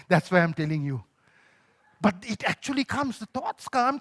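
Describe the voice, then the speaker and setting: Sri lankan pastor guy, pretty high voice, preaching, gets loud and pleading then goes real quiet. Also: very animated, moderate pace. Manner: emotional storytelling, swinging from loud pleading to quiet. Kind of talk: sermon.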